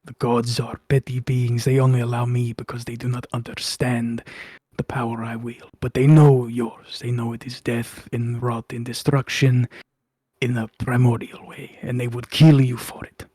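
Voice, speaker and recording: A stern, powerful old witch speaks in slow, formal, commanding tones, as a man plays her. The voice stays level and low-key, and the sound is dry and close. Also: flat delivery, warm tone, dry recording, lightly acted.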